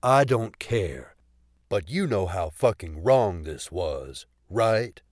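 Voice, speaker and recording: A man reading an audiobook voices a weary, rueful middle-aged cop and former radical, speaking slowly and heavily. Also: deep voice, animated, no room sound, studio quality, pitched below the performer's own voice, full character voice. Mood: stern. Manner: slow, heavy, rueful. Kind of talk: audiobook character voice.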